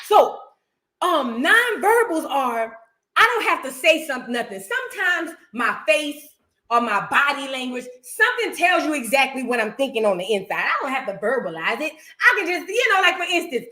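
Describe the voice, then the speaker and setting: A woman hosting a reaction show, giving blunt, profane, animated commentary in a casual way. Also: high voice, normal speed.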